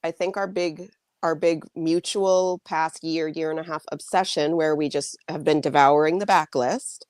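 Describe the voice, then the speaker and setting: Woman cohost on a book podcast, dry wry humor, lowish voice, dead dry sound. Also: steady tone, moderate pace, a little mellow, no echo. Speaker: podcast co-host. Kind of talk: casual chat.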